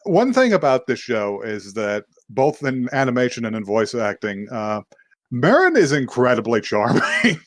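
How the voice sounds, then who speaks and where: A man's voice: mid-range voice, sing-song, normal speed, no room sound. Podcast host, male, loose and jokey, laughs a lot while summarizing a show, dry close-mic sound. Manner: laughing often, acting out characters' lines, swearing casually. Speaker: podcast host recapping an anime. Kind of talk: casual chat.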